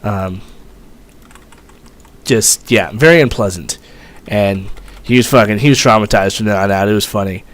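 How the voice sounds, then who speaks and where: A man's voice: fairly low pitch, normal speed, long pauses. A young man, a former Marine, telling a story in a rambling, profane way, full of fillers. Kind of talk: casual storytelling vlog.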